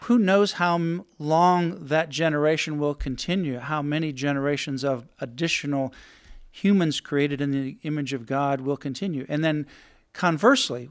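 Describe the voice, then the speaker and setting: A man hosting an interview, forceful and argumentative in his delivery. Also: on the high side, moderate pace, clean tone. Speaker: host. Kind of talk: interview talk.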